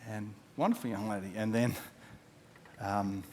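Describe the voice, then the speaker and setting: A man, a pastor preaching a sermon, telling stories and acting out the quotes, dropping from loud to hushed. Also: on the low side, unhurried, a little hiss or hum. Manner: storytelling with acted-out quotes, swinging from loud to hushed.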